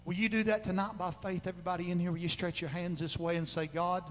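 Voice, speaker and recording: A male pastor preaching a fervent sermon, moving between shouted exhortation and quiet, low asides. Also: little pitch movement, fast talker, in a large hall, a little hiss or hum, low-quality recording. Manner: fervent, swings from loud crying out to low murmurs. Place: church sanctuary.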